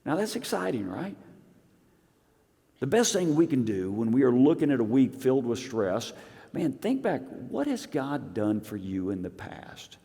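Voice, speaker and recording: A male pastor delivering a sermon with animated energy, rising to loud emphatic points and dropping to hushed asides. His mid-pitched voice rings out with a long reverb from a church hall. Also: measured pace, creaky. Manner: animated preaching, swinging between loud emphasis and quiet asides. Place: church sanctuary.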